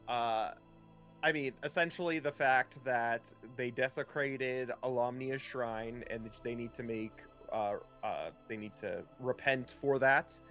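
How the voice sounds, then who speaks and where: Young male player, casual, hesitant, mid-pitched voice. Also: fairly bright tone. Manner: casual, hesitant, many fillers. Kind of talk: playing a tabletop game.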